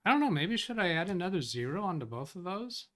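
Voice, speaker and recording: A fast-talking man with a high voice and big pitch swings hosts a tech support live stream. In casual chat he reads out viewer comments and thinks aloud, rambling and catching his own errors.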